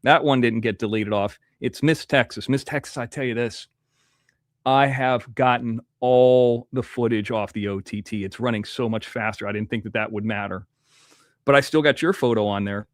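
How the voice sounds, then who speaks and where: A man's voice: medium pitch, moderate pace, no room sound, clean studio sound. A man hosting a casual livestream, rambling as he reads out viewer donations while nursing a toothache. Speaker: livestream host.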